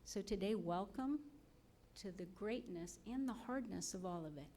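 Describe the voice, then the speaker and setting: A woman's voice: medium pitch, lively intonation, moderate pace, very noisy. A woman on the medical school faculty giving an earnest, motivational ceremony speech into a podium mic, putting questions to the audience.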